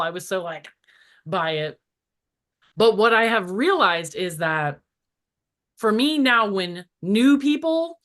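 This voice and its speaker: A middle-aged woman in casual spiritual conversation as a podcast guest, telling stories animatedly with many "like" fillers. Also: medium pitch. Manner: animated storytelling, acts out voices in quotes; frequent "like" fillers.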